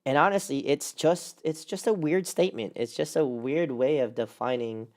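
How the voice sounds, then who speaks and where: A man co-hosting a casual podcast chat, talking in an animated, rambling way with lots of fillers. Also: on the high side, moderate pace. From California. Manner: animated, rambling with many fillers and quoted put-on voices. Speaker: podcast co-host.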